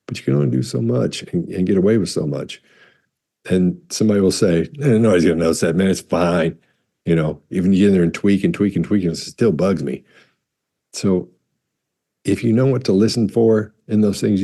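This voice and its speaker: A man's voice: sits low, vocal fry, breathy edge. A man answering viewer questions in a casual, rambling way, often correcting himself mid-sentence, recorded on a compressed studio mic. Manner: rambling, self-correcting, demonstrates loud and soft speech. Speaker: body language expert answering viewer questions. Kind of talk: casual explanatory talk.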